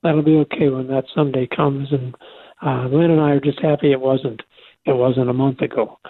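An older man co-hosting a faith talk show, speaking earnestly and haltingly with many restarts. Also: mid-range voice, steady tone. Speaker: radio show co-host. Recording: tinny phone line.

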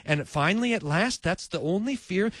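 A male preacher giving a sermon in animated storytelling style, acting out each voice. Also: high voice, moderate pace, no echo.

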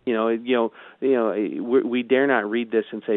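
A man's voice: medium pitch, steady tone, normal speed, dry recording. A man, a guest pastor, discussing a psalm with many restarts and repeated "you know"s. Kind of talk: casual theological discussion. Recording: thin phone-line sound.

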